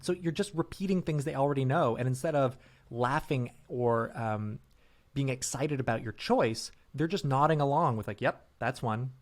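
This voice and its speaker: Man, podcast co-host, mid pitch, relaxed, measured, casual conversation. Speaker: podcast co-host, improv performer.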